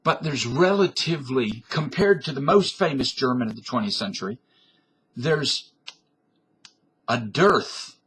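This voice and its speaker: This casual, rambling monologue comes from a man in his fifties or sixties, vlogging on a webcam at home in a folksy, digressive way that keeps self-correcting. His medium-pitched, a bit bright voice is expressive and unhurried, with frequent pauses.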